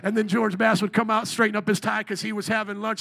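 A man preaching a sermon to a congregation, telling stories with joking asides, calling for responses and shouting at the peaks of praise. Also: sits high, flat delivery, fast, creaky, hardly any pauses. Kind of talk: sermon with storytelling. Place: church before a congregation.

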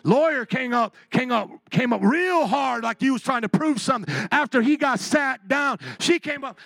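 Impassioned high-voiced gravelly pastor. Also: male voice, normal speed, few pauses, no room sound, faint music behind. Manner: impassioned, swings from soft and tearful to shouting. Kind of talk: sermon.

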